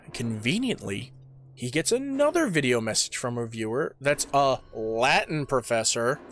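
A man co-hosting a podcast, casually and profanely retelling a movie's plot in an animated way, slipping into other people's voices. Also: medium pitch, measured pace, a little hiss or hum. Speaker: podcast co-host. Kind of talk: casual movie recap chat.

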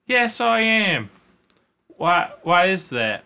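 A man's voice: sing-song, slow, creaky, sharp tone, clear, resonant tone, exaggerated voice. Man putting on a mock posh British gent. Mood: playful. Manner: playful, exaggerated high sing-song.

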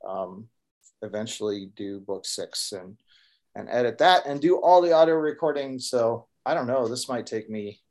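A man's voice: medium pitch, expressive, normal speed, a little mellow. A man co-hosting a podcast, chatting casually and rambling a little with fillers. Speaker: podcast co-host and author. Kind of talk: casual chat.

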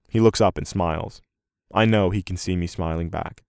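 Deep-voiced man narrating fiction. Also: moderate pace, darkish tone, clear, resonant tone, dry recording, clean studio sound. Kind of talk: first-person fiction narration.

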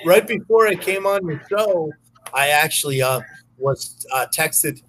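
A man's voice: a little high, animated, measured pace, fairly bright tone, rough recording. A man, a podcast guest, telling a long, rambling anecdote full of fillers and restarts.

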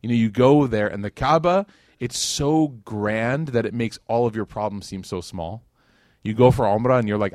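A man's voice: lowish voice, moderate pace, a little mellow, no echo. Man, 30s, from Chicago, informal lecturer, dry close sound, talks straight to the room. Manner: chatty, uses many fillers like "like" and "you know", asks the audience questions. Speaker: Islamic lecturer. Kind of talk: casual conversational lecture. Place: lecture hall with a live audience.

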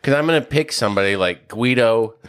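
A man's voice: medium pitch, lively intonation, fairly quick, background noise. A man co-hosting a golf podcast, ranting in mock anger, swearing and joking with his co-host. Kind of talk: casual chat.

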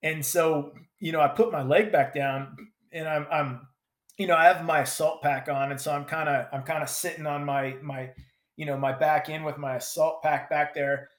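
A combat veteran telling a personal story in vivid, halting bursts with many restarts. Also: male voice, on the high side, fairly even intonation. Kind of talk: personal story told in conversation. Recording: roomy echo.

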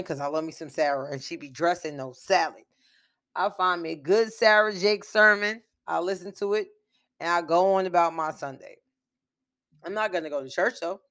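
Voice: medium pitch, a bit bright. Emphatic speaker in a heated monologue. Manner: emphatic, fires off rhetorical questions and repeats them. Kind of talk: impassioned opinion monologue.

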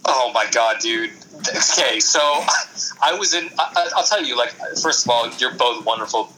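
A man's voice: lowish voice, a little hiss or hum, rough recording. A man who is a guest on a podcast, talking casually in an effusive way and laughing readily. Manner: effusive, warm-hearted, quick to laugh.

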